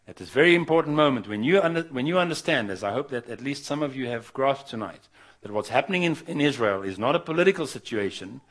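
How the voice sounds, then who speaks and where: A man's voice: mid-range voice, a bit bright. A man preaching earnestly to an evening gathering as a visiting speaker, urging his listeners and often restarting his sentences. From not from Australia.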